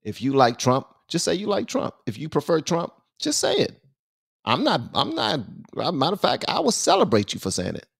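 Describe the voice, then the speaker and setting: A man delivering opinion commentary on his own channel. His pitch swings widely as he presses each point, and he repeats words for emphasis in a preachy tone. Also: wildly swooping pitch, normal speed, vocal fry, a bit bright, husky.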